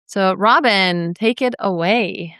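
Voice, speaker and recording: A woman's voice: mid-range voice, slow pace, fairly bright tone, no room sound, clean studio sound. A woman co-hosting a show over a video call, upbeat as she hands off questions and wraps up. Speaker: co-host.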